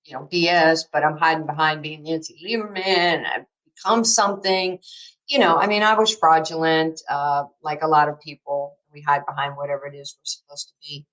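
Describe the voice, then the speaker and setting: A woman, telling a story as a guest in an interview, emphatic and excitable and laughing through her words. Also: low-pitched, moderate pace, rough recording. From New York. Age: 60s. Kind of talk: animated storytelling in a podcast interview.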